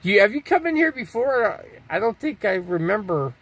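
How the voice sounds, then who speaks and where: A man's voice: high-pitched, very animated, moderate pace, fairly bright tone. An older man from Arizona hosting a live stream, rambling casually and answering viewers' chat comments aloud. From Scottsdale, Arizona.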